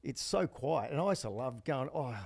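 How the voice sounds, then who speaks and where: A man's voice: medium pitch, animated, normal speed, vocal fry. An Australian man co-hosting a podcast, telling racing stories in a laid-back, anecdotal chat. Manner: laid-back anecdotal, drops quiet asides. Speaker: podcast co-host, former jockey. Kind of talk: casual chat.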